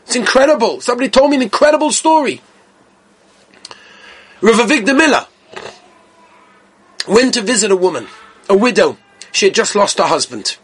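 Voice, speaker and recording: Impassioned husky-voiced man preaching. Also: animated, normal speed, pauses often, fairly bright tone. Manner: impassioned, swings from rising pleas to low somber tones. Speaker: rabbi giving a Tisha B'Av talk. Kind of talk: sermon.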